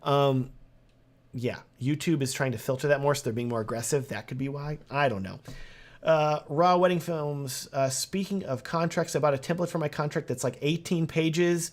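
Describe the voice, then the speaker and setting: A man's voice: fairly high pitch, normal speed. Chatty young man on a live stream. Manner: animated, talkative, reading comments aloud.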